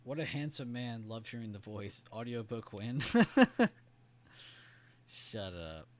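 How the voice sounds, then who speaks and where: A man's voice: medium pitch, normal speed, a little mellow, no echo. A man hosting a live trading stream, chatting casually and reading out viewer comments in a rambling, joking and profane way. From United States.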